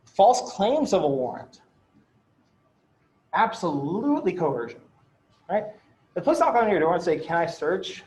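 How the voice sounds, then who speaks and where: In a classroom, a man delivers a casual law lecture packed with anecdotes, fillers and mild swearing, often checking in with "right?". His high, darkish voice swings widely in pitch at a measured pace with frequent pauses, captured in an echoey, dull lecture-room recording.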